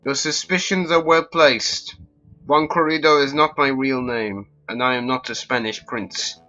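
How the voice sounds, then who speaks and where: A man voicing a suave, theatrical male fox con artist with a smooth, grandly dramatic delivery, in a game. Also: medium pitch, steady tone, measured pace, sharp tone, highs cut off, faint music behind. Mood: sly.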